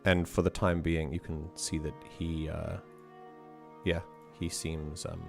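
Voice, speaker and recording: A man's voice: very deep voice, level tone, measured pace, vocal fry, faint music behind. A man narrating as game master of a tabletop game, hesitant with many fillers.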